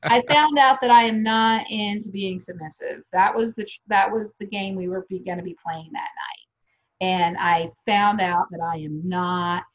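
A woman's voice: mid-range voice, moderate pace. A woman guest in candid casual chat, telling blunt, profane stories. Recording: slightly dull lo-fi audio.

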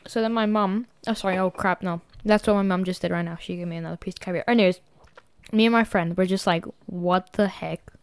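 A woman's voice: medium pitch, steady tone, fast, clear, resonant tone. A woman co-hosting a podcast, telling a story in a rambling, hesitant way in casual chat. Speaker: podcast co-host.

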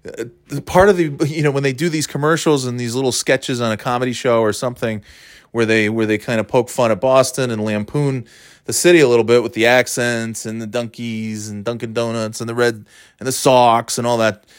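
A man's voice: mid-range voice, steady tone, brisk, clean tone, no room sound. Dry-voiced rambling sardonic man. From US East Coast. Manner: rambling, sardonic, lots of restarts and fillers. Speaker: vlogger. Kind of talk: casual rambling monologue.

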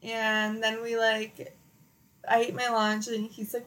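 A woman's voice: fairly high pitch, monotone, slow pace, fairly bright tone, rough recording. A young woman co-hosting a podcast, telling a long story in casual chat, full of "like" and acted-out quotes. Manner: chatty storytelling, lots of "like". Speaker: podcast co-host.

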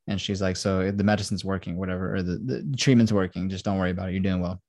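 A man's voice: low-pitched, steady tone, quick pace, darkish tone, dry recording. A man hosting a podcast, casually retelling a film plot, acting out quotes and swearing freely. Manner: casual, profane, acts out quotes. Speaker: podcast host.

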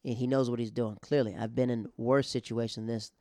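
A male comedian rambles through a story in a smooth, resonant voice at an ordinary pitch. The sound is close and dry, with no room around it. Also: level tone, brisk, a little mellow, no echo. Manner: rambling with restarts, acting out the other people. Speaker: stand-up comedian. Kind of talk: casual storytelling.

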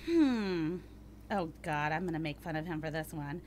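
A woman's voice: sits low, expressive, moderate pace, a little mellow, a little hiss or hum. A woman hosting a casual chat, reading a date review aloud and teasing her cohost with crude jokes. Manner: teasing, profane, joking. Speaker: podcast host.

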